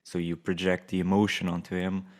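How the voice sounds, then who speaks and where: A man co-hosting a casual film-review podcast. He speaks in a relaxed, thoughtful way and often restarts his sentences. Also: deep voice, fairly quick. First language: Portuguese. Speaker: podcast co-host.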